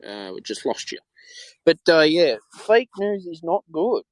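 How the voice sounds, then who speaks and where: A man's voice: fairly high pitch, very animated, a little slow, no echo, poor audio. An Australian man hosting a podcast alone, rambling in frustration and repeating himself. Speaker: podcast host. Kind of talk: solo opinion talk.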